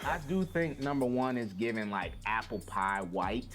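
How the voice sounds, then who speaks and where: A man's voice: medium pitch, animated, moderate pace, fairly bright tone, faint music behind. A man chatting in a casual group reaction, playful and teasing, often laughing. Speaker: co-host in a reaction panel.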